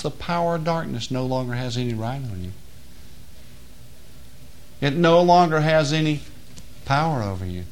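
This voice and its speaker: A male preacher delivering a sermon in an ordinary mid-range voice. He drops into quiet, low explanation, then climbs into loud, emphatic declarations. He slows and stretches key words for weight.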